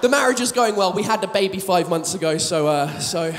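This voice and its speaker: An English man in his thirties doing self-mocking stand-up comedy on a theatre stage, with animated storytelling and plenty of swearing. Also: high-pitched, brisk, noisy background. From England. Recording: live theatre hall reverb.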